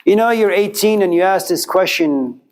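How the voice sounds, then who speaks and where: A male lecturer tells a story to his listeners in a loose, conversational way, turning to address them directly. His voice sits a bit on the high side for a man. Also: moderate pace. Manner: acts out quoted characters with jumps in pitch.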